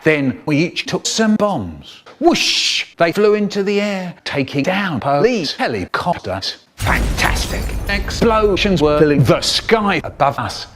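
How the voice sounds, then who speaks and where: Lively older man telling a story. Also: fairly high pitch, a little slow, hardly any pauses, noisy background. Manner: animated, exaggerated sound effects and exclamations. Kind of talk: spliced storytelling reading.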